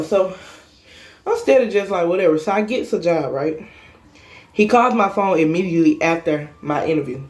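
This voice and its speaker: A woman's voice: fairly low pitch, animated, fairly quick, a little mellow. A young woman vlogger telling a personal story in a casual monologue, blunt, emphatic and full of cursing.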